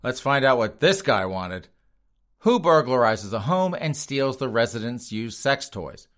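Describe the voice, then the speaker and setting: A man's voice: mid-range voice, sing-song, a little slow, a bit bright. A man hosting a comedic news show, reading stories and joking about them while addressing his audience directly.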